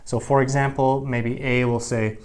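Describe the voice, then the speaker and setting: A man's voice: mid-range voice, level tone, moderate pace, darkish tone. A middle-aged man teaching English grammar to camera, explaining patiently and repeating key phrases.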